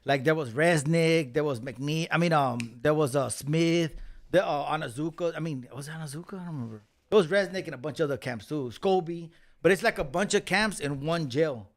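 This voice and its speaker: Gravelly man storytelling. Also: fairly high pitch, brisk. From Los Angeles County. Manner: slangy, swearing, animated when acting out quotes. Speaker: podcast guest. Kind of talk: casual storytelling.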